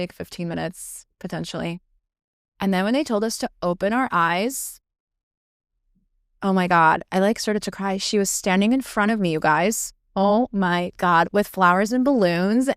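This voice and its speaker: A young woman hosting a podcast tells a personal story in a gushing, casual way, using "like" constantly and swearing often. Her voice is medium-pitched and smooth, captured as clean studio sound with no echo.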